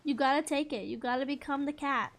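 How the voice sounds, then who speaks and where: A woman's voice: sits high, fairly quick. A young woman streamer chatting casually over gameplay, bubbly and giggly, talking to her viewers. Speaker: gaming streamer.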